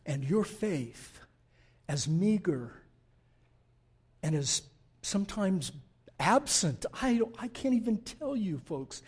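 A man preaching a sermon as pastor, speaking in slow, emphatic phrases that build in volume. He addresses the congregation directly. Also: high voice, sing-song, darkish tone, breathy edge.

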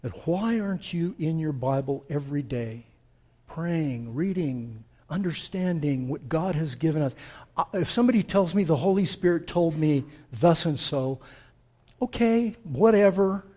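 A pastor from the Middle East preaching a sermon in a church, impassioned and direct with his congregation, dropping to a hush and rising loud again. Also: fairly high pitch, animated, a little slow. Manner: impassioned, shifts from hushed to loud; direct, talks straight to the congregation.

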